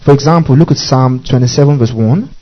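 A man's voice: medium pitch, fairly quick. A man teaching a Bible lesson in a church service, repeating each point, spelling out key terms and often checking whether listeners follow. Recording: dull lo-fi recording.

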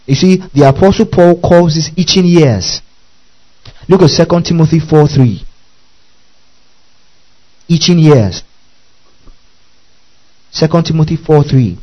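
A man preaching a sermon as a pastor, reading scripture slowly and deliberately and checking in with the congregation again and again. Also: fairly high pitch, dark tone. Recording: dull lo-fi recording.

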